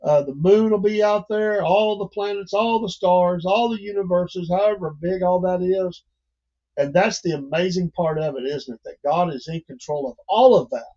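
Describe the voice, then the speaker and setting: A man's voice: high-pitched, moderate pace, warm tone, lo-fi sound. An older man hosting a livestream, talking in a rambling, folksy way and chuckling often. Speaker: livestream host. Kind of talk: casual livestream monologue.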